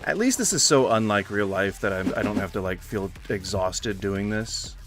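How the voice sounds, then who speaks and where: A man narrating his own gameplay in a loose, talkative way, dropping to quiet mumbles and then shooting up into startled shouts. His pitch swings widely, and a faint music bed plays under his voice. He complains with mock-formal sarcasm. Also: lively intonation, moderate pace. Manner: mutters to himself, bursts into sudden loud yells. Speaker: gaming streamer. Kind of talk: casual gameplay commentary.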